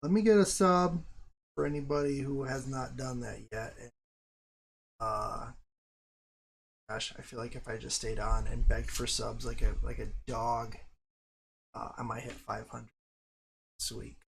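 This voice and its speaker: A man's voice: mid-range voice, creaky, a little hiss or hum. A young man chatting casually on a live stream, rambling and swearing freely, with self-mocking asides.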